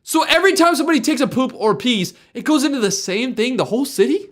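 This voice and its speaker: High-pitched man, bouncy lively voice, excitable reaction host, faint noise behind. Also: quick pace, soft background music. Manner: excitable, blurts exclamations, talks to viewers. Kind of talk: casual reaction commentary.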